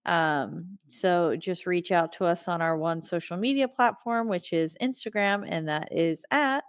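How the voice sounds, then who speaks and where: A woman's voice: on the low side, unhurried, smooth, no echo. Giggly woman co-hosting a podcast. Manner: giggly, playful. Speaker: podcast co-host. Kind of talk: casual podcast outro chat.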